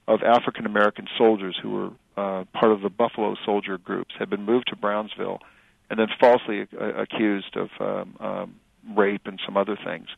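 A middle-aged male author and journalist answering interview questions in a thoughtful, halting way with many fillers and restarts. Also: lowish voice, gravelly, no echo. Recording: dry tinny phone-like radio audio.

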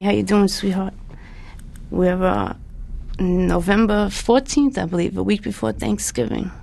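A woman recording personal messages to her young son, speaking tenderly and haltingly with pauses and restarts. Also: mid-range voice, lively intonation, vocal fry, darkish tone. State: crying.

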